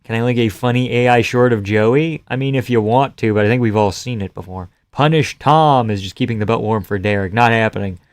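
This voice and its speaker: A man hosting a live stream from his home setup, chatting casually with viewers and reading their comments aloud. He jokes around and swears freely. His mid-pitched voice is smooth and resonant, recorded dry and close. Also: a little fast, few pauses, no echo.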